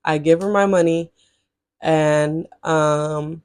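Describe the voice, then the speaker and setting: A woman vlogger telling a story straight to her viewers, chatty and blunt, swearing freely and jumping into high exasperated outbursts. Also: steady tone, slow, a little mellow, clean tone, no room sound, studio quality. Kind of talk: casual storytelling to camera.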